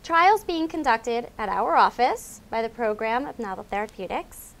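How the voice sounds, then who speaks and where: Woman, fairly high voice, scripted explainer, clear and measured reading. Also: expressive. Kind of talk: scripted informational narration.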